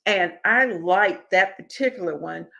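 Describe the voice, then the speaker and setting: Slow, bright-voiced woman hosting a cooking chat. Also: fairly low pitch, gravelly. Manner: unhurried, chatty, answers viewer comments. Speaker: cooking show host. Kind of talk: casual live-stream cooking talk.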